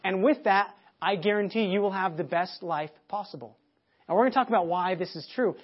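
A man preaching a sermon, telling a family story with many restarts and repeated words, and getting loud when he acts out shouting. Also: sits high, a little fast, breathy edge, dull audio. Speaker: pastor.

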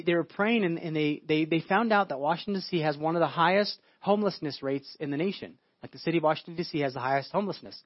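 A male pastor preaches in a quick, slightly high voice, piling up stories and stumbling over his own restarts. The sound is dry and close, a little dull and lo-fi. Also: dry recording. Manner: storytelling, repeats words and restarts often. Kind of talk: sermon. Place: church.

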